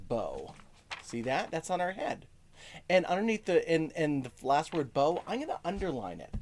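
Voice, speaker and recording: A male music teacher giving a first-grade lesson, speaking slowly to young children, checking in with "okay?" and singing short lines. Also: on the high side, a little mellow, slight background noise. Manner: lots of "okay?" check-ins.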